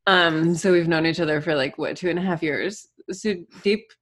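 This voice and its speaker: A woman's voice: low-pitched, normal speed. A woman hosting a podcast, speaking from her home over a remote call in an enthusiastic, affectionate way. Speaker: podcast host. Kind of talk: warm, effusive podcast chat. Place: home in Florida. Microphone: remote call recording.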